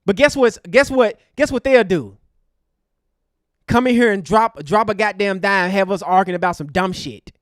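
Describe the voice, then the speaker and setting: Guy ranting hard on his stream, real high voice, dry close mic. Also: moderate pace, no echo. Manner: fiery, preachy, repetitive. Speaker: online show host. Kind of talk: impassioned livestream rant.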